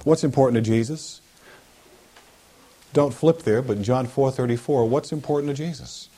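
A man preaching a sermon in an animated way, with humorous asides. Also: mid-range voice, normal speed.

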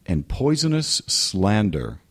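A man from New England preaching a sermon as pastor, animated and joking, slipping into mimicry. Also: fairly low pitch, slow, husky.

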